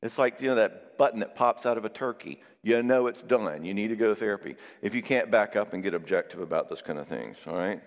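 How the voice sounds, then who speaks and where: A middle-aged man giving a sermon on marriage, acting out quotes with lively storytelling and checking in with his listeners. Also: on the low side, quick pace, hardly any pauses. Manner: animated storytelling with acted-out quotes; engages audience with frequent "all right?" asides. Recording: long hall reverb.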